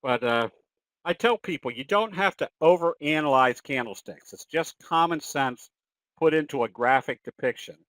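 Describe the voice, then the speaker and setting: A man's voice: on the high side, expressive, normal speed, a bit bright, no room sound, poor audio. A man presenting a trading webinar and answering questions, in a folksy, conversational way with fillers and self-corrections.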